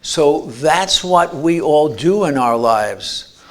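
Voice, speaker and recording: A man's voice: fairly high pitch, animated, takes it slowly. A man giving an earnest motivational talk at an expo, telling stories and restarting words. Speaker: speaker. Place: expo lecture room.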